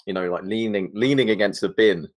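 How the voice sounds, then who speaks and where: A man's voice: lowish voice, fairly quick. A man co-hosting a casual football fan podcast, chatty and laid-back, spinning little stories. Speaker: podcast co-host. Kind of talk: casual chat.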